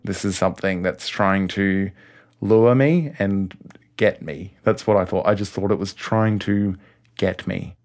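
Slow, low-voiced Australian man. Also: a little mellow. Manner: halting, many restarts. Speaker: storyteller. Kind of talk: first-person story telling. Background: music score.

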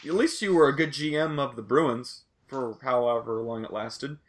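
A man's voice: medium pitch, normal speed. A young man hosting a casual sports podcast, rambling loosely and swearing now and then. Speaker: podcast host.

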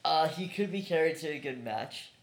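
A man's voice: on the high side, animated, normal speed, reverberant. A man co-hosting a podcast in a casual chat, tossing in dry joking asides. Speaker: podcast co-host.

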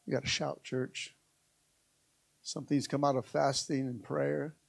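A man's voice: medium pitch, little pitch movement, unhurried, vocal fry. A man preaching a sermon as pastor, emphatic and repetitive, calling out to his congregation again and again.

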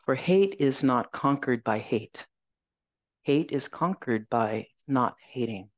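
A woman Zen teacher giving a dharma talk, reflective and gentle, telling a personal story and reciting verses slowly. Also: extremely low pitch, lively intonation, no room sound.

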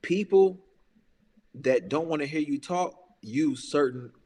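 Heated, profane man ranting, fairly high voice. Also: animated, takes it slowly, mellow, long reverb tail. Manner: profane, emphatic, repeats himself and says "bruh". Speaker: podcast talker. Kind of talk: heated casual podcast rant.

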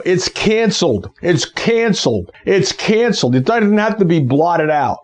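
A man's voice: a little high, sing-song, a little slow, few pauses. A man with a slightly raised voice preaches on a Bible passage. He reads the verses, then hammers home single words again and again, correcting himself mid-line as he goes. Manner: emphatic, repeats key words, stops to correct himself. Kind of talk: sermon reading and preaching on scripture.

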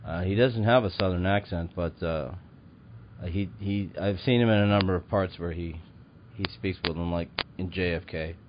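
A man with a very low voice hosts a podcast in loose, casual chat. He rambles and hesitates, with plenty of fillers. The audio is dull and lo-fi, with a clear hiss of noise underneath. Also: moderate pace. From Chicago. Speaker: podcast host.

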